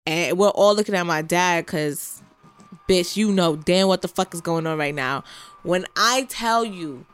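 A woman's voice: lowish voice, unhurried, clear, resonant tone. A young woman co-hosting a podcast, telling a childhood story in a blunt, profane, casual way. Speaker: podcast co-host.

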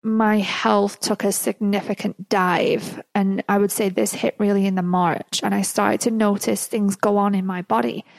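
A woman hosts her own podcast and tells a personal story in a loose, chatty way, breaking into laughter often. Her voice sits at an ordinary middle pitch. The recording is dry and close, with no room sound. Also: little pitch movement, moderate pace, vocal fry, few pauses, no echo. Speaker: podcast host.

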